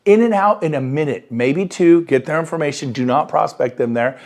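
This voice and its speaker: An energetic man coaching real estate agents in a motivational talk, with a voice that sits a little high. He bursts into enthusiasm and acts out quoted phone calls to make his points. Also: normal speed. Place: Sacramento area.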